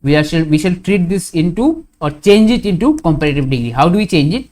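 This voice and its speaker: A man with an Indian English accent teaching a grammar lesson, going slowly and repeating his examples, often asking a question and then answering it himself. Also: a little high, expressive, darkish tone. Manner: slow, repetitive, asks questions and answers them.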